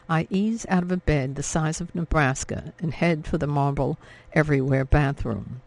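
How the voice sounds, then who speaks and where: Gravelly man reading an audiobook. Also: on the high side, a little mellow, dry recording. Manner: measured, emotive reading. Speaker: audiobook narrator. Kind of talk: scripted narration.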